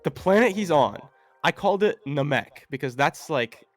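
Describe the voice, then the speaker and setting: A man's voice: fairly high pitch, animated, moderate pace, dry recording, soft background music. A man chatting as a guest on a stream, rambling and hesitant with many fillers. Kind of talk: casual podcast chat.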